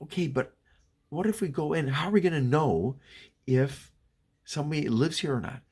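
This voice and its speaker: A man's voice: a little high, expressive, moderate pace, darkish tone, slightly rough, voice pushed up. A man voicing his own younger self as a nervous boy, in a raised, hesitant voice.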